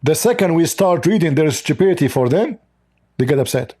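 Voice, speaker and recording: A man's voice: a little high, lively intonation, a little fast, a little mellow, slightly rough. A man hosting a livestream, talking in a mocking, sarcastic way in non-native English. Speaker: livestream host. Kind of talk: livestream polemic commentary.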